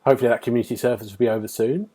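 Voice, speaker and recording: A man hosting a casual gaming podcast, bubbly and quick to laugh as he moves the conversation along. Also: mid-range voice, steady tone, a crowd in the background. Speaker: podcast host.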